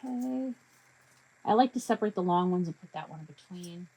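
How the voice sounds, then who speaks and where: A woman's voice: on the low side, expressive, a little fast, dark tone, slightly rough, low-quality recording. A woman hosting a live craft tutorial, chatting her way through each step and joking with her materials. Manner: jokey self-talk to her materials.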